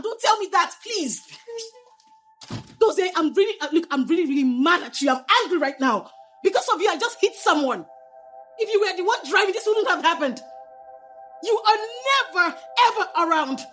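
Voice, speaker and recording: A very high-pitched, swooping voice: an exasperated young wife who bites off her words and repeats them when angry. Her pitch leaps all over in this film drama, with soft music under the scene. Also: expressive, moderate pace. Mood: furious. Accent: Nigerian. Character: young wife, furious at her neglectful husband. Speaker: actress. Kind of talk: Nigerian film drama acting.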